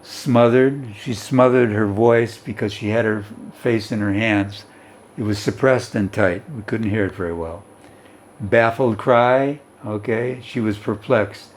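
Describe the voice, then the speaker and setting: A man's voice: lowish voice, fairly even intonation, a little slow, a little hiss or hum. A male teacher explaining a story and its vocabulary in an English lesson, reading aloud and often checking in with "okay?".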